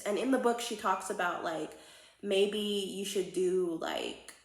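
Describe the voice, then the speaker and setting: Earnest woman with a gravelly voice. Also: fairly low pitch. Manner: earnest and heartfelt. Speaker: vlogger. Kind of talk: personal reflective vlog, reading aloud. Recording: echoey room.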